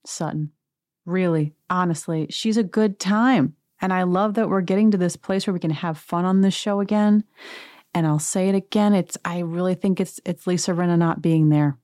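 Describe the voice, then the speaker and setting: A woman's voice: lowish voice, moderate pace, a little mellow, no room sound, studio quality. A woman hosting a podcast, recapping reality TV in a chatty, gossipy, wry way. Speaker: podcast host.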